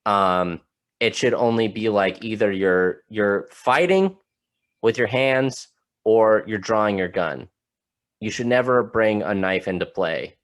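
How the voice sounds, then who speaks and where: A man with a lowish voice hosts a casual podcast, blunt and profane. He often restarts his questions and stumbles over his words. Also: slow. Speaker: podcast host.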